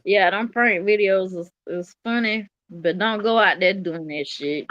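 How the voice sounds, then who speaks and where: Bright, blunt co-host on dull audio. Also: mid-range voice, unhurried, no room sound. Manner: emphatic, slangy and blunt. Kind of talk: casual chat.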